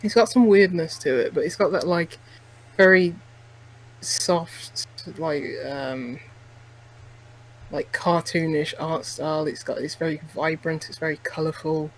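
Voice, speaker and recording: Male podcast co-host, raised-pitch voice, loose rambling game chat with lots of fillers. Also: unhurried, low-quality recording. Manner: rambling, many restarts and "like" fillers. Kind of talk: casual chat reviewing a game.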